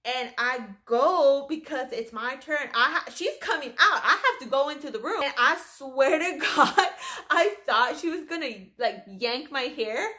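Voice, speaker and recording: Young woman vlogger, high bright voice, animated, casual storytelling with swearing. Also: a little slow. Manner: animated, lots of swearing and fillers.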